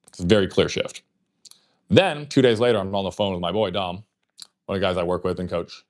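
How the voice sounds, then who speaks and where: A man's voice: low voice, brisk. A man hosting a livestream, telling a long casual story in a rambling way, full of fillers and swearing. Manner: acts out remembered conversations in his telling. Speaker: livestream host.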